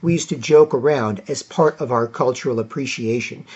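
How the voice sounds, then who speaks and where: A man's voice: mid-range voice, moderate pace, a little mellow, husky, dull audio. A man from Toronto, hosting opinionated solo commentary and rambling with lots of fillers and restarts. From Toronto, Canada. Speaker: vlog host.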